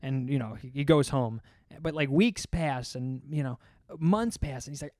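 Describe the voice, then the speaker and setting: A man's voice: mid-range voice, normal speed, hardly any pauses, darkish tone, no echo, studio quality. A young man co-hosting a casual podcast, telling crude jokes with lots of swearing and laughing at his own punchlines. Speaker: podcast co-host. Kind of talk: casual joke-telling chat.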